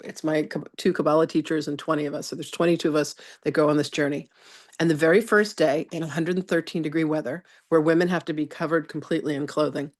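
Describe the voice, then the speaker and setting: Her voice sitting low, a middle-aged woman runs a live spiritual masterclass. She tells a story from her own life with chatty animation and calls on individual students by name.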